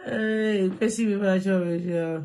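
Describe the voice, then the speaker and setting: A woman with a Ghanaian accent talking to camera in an animated, emphatic way, switching between Twi and English. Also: medium pitch, slow. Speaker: vlogger. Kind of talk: casual monologue to camera.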